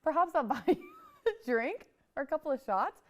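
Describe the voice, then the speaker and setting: Casting: young woman co-host, giggly, playful, slightly high voice. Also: big pitch swings, brisk. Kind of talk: comedic college talk show banter.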